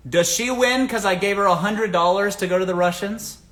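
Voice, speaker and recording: A man's voice: high-pitched, a little fast, fairly bright tone. A man from the American South hosting a casual livestream, giving blunt dating advice, swearing freely and asking the audience rhetorical questions.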